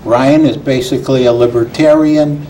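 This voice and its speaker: A man's voice: medium pitch, steady tone, moderate pace, warm tone, rough recording. A man speaking as a guest on a political panel, giving firm opinions. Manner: opinionated, emphatic. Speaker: guest commentator. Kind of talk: political discussion. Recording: faint background noise.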